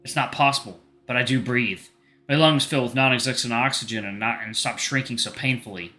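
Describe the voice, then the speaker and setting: A man voicing an anxious, sensitive teenage boy, reading a visual novel aloud in a slightly halting, earnest way. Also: medium pitch, sharp tone, soft background music, lightly acted.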